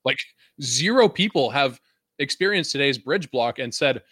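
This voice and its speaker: A man's voice: medium pitch, animated, normal speed, a bit bright, dry recording, clean studio sound. A young man from Vancouver hosting a podcast, ranting in a casual, profane, rambling way and laughing often. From Vancouver, Canada. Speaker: podcast host.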